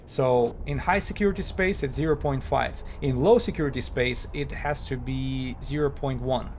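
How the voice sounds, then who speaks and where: Man chatting halting on a game stream. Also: medium pitch, a little mellow, slight background noise. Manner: halting, with many fillers and restarts, chuckling. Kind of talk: casual live-stream commentary.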